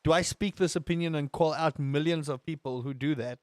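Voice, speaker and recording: A man's voice: fairly high pitch, a little fast, a little mellow, no echo, studio quality. A man live-streaming a game, talking casually to his chat and ranting with emphatic repetition. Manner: talks to his chat between tangents.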